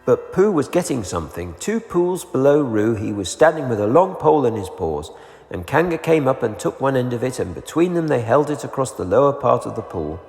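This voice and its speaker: A man reads a children's storybook aloud with lively, expressive rises and falls. His voice has a gravelly edge. It rings in an echoey room with a long reverb, and faint music plays underneath. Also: mid-range voice, fairly quick. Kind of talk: children's read-aloud narration.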